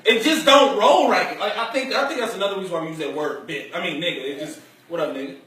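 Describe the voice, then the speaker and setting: A man's voice: sits high, fast, sharp tone. A man hosting a casual talk show from a barbershop, joking, rambling and laughing often. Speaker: show host. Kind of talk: casual banter. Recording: echoey room from a distant mic, faint noise.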